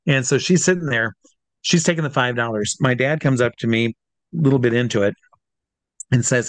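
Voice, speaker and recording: A man in casual conversation spins a long anecdote, slipping into the voices of the people in his story as he goes. He sits at a middle pitch, and the recording is close and dry, with no room sound. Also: fairly quick, pauses often, no echo. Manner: animated anecdotes with acted-out quotes. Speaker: guest.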